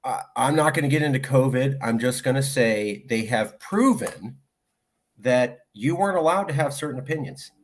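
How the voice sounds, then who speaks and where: A male interviewer with a voice of average pitch. He talks in a measured, careful way, with a dry, joking edge. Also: lively intonation. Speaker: interviewer, host. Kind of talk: interview conversation.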